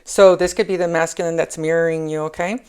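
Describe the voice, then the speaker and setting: A woman's voice: on the low side, steady tone, fairly quick, darkish tone, clear, resonant tone. A woman giving a casual spoken tarot reading. She rambles, repeats herself and keeps checking in with "okay?". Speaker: tarot reader.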